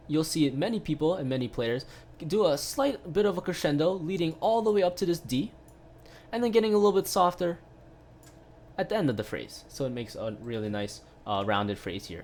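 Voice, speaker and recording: A man with a fairly high, slightly mellow voice gives a casual online piano lesson at a moderate pace, sounding very animated. He explains things step by step, peppering his talk with "right?" tag questions and filler sounds, over slight background noise.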